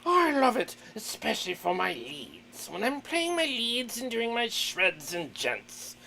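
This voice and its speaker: Man doing a snooty aristocrat voice, plummy and theatrical, swooping pitch, gravelly edge. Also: wildly swooping pitch, a little slow, pushed and bright, slight background noise, heavily acted. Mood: gushing. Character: pompous male English aristocrat, prim and refined. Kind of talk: livestream chat bit.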